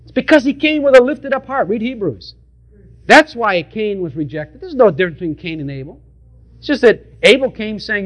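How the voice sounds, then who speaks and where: A man's voice: high voice, animated, fairly quick, lo-fi sound. A male preacher delivering an emphatic sermon and speaking directly to his congregation, often repeating his points.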